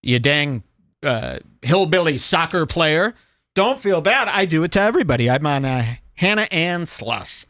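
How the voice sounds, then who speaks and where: Lively mocking male comedy host. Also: a little high, moderate pace, no echo. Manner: mocking, animated, puts on silly voices. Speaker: show host. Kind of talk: crude comedic commentary.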